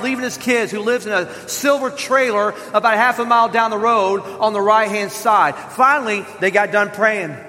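A man's voice: high voice, in a large hall. A man preaching a sermon as a pastor, telling a story animatedly and acting out the voices of the people in it. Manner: animated storyteller who acts out quoted voices. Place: church sanctuary.

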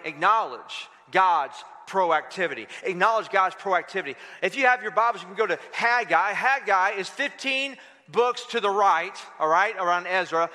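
A man's voice: high voice, bright, forceful tone, long reverb tail. A man preaching a sermon, quoting scripture with dramatic emphasis and leading the congregation in reading aloud. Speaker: pastor.

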